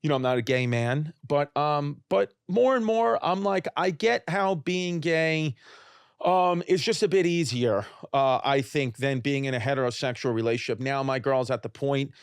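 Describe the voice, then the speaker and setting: A man's voice: on the high side, moderate pace, clear, resonant tone, no echo, clean studio sound. A man in his late thirties, a comedian guest on a podcast, telling rambling, jokey stories in casual chat. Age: 30s.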